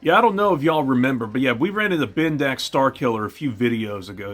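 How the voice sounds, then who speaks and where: A man's voice: medium pitch, expressive, fast, fairly bright tone. A young man hosting a let's play, joking and trash-talking over the gameplay. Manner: jokey, trash-talking, puts on silly voices.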